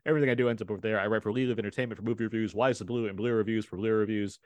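A man's voice: lowish voice, steady tone, very fast, darkish tone, no echo. A young adult man co-hosting a movie podcast, chatting casually and laughing often. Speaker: podcast co-host. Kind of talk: casual chat and show sign-off.

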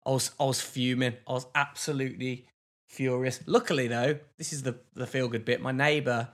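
A man, co-hosting a podcast and telling a story in casual chat, with lively bursts of exasperation. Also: mid-range voice, brisk. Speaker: podcast co-host.

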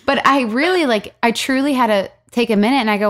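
A woman's voice: fairly high pitch, quick pace, a bit bright. Chatty woman podcast host. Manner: chatty, storytelling. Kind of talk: casual podcast conversation.

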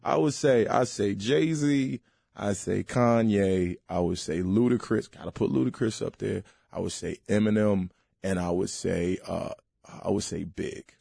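Gravelly low-voiced man chatting loosely. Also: unhurried, dry recording, studio quality. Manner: animated, loose, slangy, trailing restarts. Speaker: comedian guest. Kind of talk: casual interview chat.

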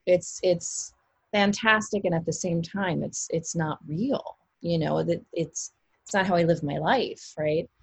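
A woman with a low, gravelly, slightly husky voice talks through an interview in a loose, rambling way, full of fillers and restarts. The sound is dry and close. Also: unhurried, no room sound. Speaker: actress guest. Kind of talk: casual interview chat.

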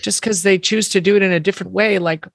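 Bright, high-voiced man, dry close sound. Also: fairly even intonation, fast talker, gravelly, no echo. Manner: blunt, swears freely, laughs. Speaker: podcast co-host. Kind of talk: casual chat.

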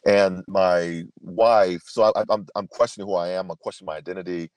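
A man's voice: low voice, steady tone, a little fast, darkish tone, dry recording. A man in his fifties, a podcast guest, telling a personal story in an earnest, emphatic way, often restarting his sentences. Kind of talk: storytelling interview answer.

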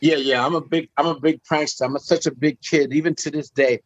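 Animated, profane middle-aged man storyteller. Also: on the high side, a little fast, dry recording, highs cut off. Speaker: guest. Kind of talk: casual storytelling chat.

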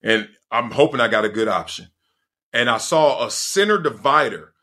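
Lively, bright-voiced man telling a wild story. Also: mid-range voice, moderate pace. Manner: expressive, acts out quoted voices and sounds, laughs often. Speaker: podcast host. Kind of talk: animated storytelling.

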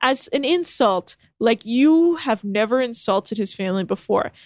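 A young woman with a fairly high voice, animatedly recapping a reality show on a casual podcast. She retells the scenes and acts out what each person said, and the sound is close and dry with no room around it. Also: unhurried, no room sound. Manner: animated storytelling with quoted voices. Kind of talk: casual chat.

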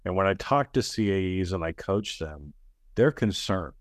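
A man's voice: deep voice, lively intonation, normal speed, no echo, studio quality. A man speaking as a podcast guest, blunt and emphatic, often asking "right?" and acting out other people's lines. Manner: emphatic, acts out quoted people in raised voices; blunt, uses casual profanity. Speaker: guest, audit training company head. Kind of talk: conversational podcast interview.

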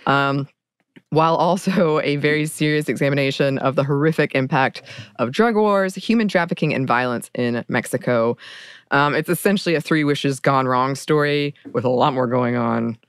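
A woman co-hosts a podcast in a relaxed, chatty way and laughs often. Her voice is smooth and resonant, with a dry, close sound. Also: deep voice, normal speed, no room sound. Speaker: podcast co-host. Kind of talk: casual podcast chat about a film.

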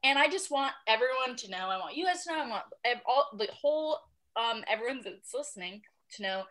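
A woman's voice: a little high, expressive, brisk, fairly bright tone. Playfully dramatic woman, podcast guest. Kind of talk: casual podcast chat.

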